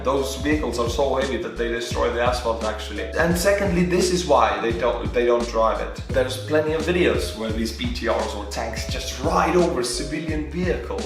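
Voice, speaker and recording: A man with an Estonian accent commenting on a reaction video, joking and mocking, with sudden startled outbursts. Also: mid-range voice. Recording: very echoey room, mic at a distance, music behind.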